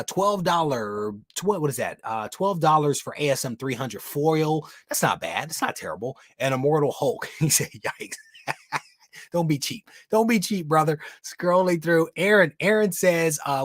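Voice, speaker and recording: A man's voice: a little high, expressive, moderate pace, no echo, clean studio sound. A man hosting a casual comic book livestream, chatting with viewers, reading their comments aloud and calling them brother. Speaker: host of a live comic book show.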